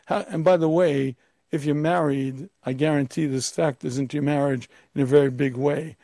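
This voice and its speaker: Emphatic rabbi with a mellow voice. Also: male voice, on the high side, normal speed, no room sound. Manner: emphatic, full of rhetorical questions; acts out a pompous, arrogant voice. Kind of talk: Torah lecture.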